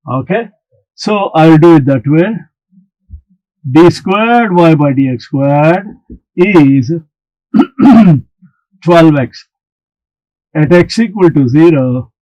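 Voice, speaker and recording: Slow, deliberate male maths teacher. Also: a little high, darkish tone, dry recording, poor audio. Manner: slow, deliberate explaining, talks back to imagined students. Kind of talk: recorded maths lesson.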